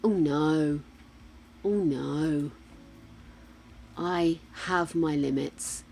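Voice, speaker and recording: A woman's voice: deep voice, drawn-out words, vocal fry, mellow, slightly rough, rough recording. A woman from the UK chatting casually as a live streamer, muttering to herself while she plays a game. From United Kingdom. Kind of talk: casual gameplay chat.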